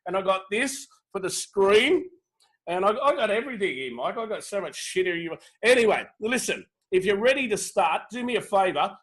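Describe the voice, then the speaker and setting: Brash high-voiced man. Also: lively intonation, fairly quick, fairly bright tone. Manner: brash, joking, pushy audience prompts. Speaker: webinar host. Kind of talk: lively sales webinar chat. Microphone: video call.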